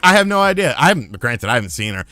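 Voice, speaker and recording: A man casually telling a profane story on a live stream, getting loud and heated when he retells a fight. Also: mid-range voice, sing-song, rapid-fire, no echo. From lived in North Carolina.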